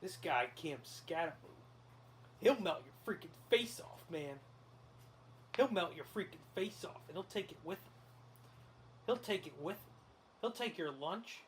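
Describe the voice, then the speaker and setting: Man putting on a folksy, over-the-top older football broadcaster, pitched a bit high. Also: expressive, unhurried, long pauses, slight background noise. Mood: hyped. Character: hyped-up older male football commentator.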